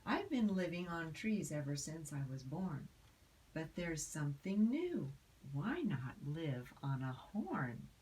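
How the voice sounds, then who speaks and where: A woman's voice: sits low, big pitch swings, slow pace, darkish tone, distant mic, heavily acted, low-quality recording. A woman voicing a pushy, cheeky little male bird in a storybook reading, chirping and sing-song. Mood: chirpy.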